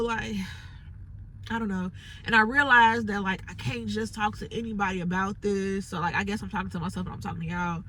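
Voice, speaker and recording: Sitting in her parked car, a Chicago entrepreneur vlogger vents frustrated, rambling thoughts into her phone, packed with "like" fillers. Her mid-range voice is bright and forceful, fairly even in intonation, at normal speed. The unscripted monologue has poor audio with slight background noise.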